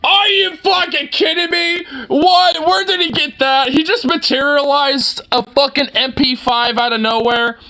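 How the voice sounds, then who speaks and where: A man giving profane, rambling reaction commentary on a video, excitable and swearing constantly. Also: very high-pitched, a little slow, hardly any pauses. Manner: excitable, swears constantly, breaks into outraged shouts.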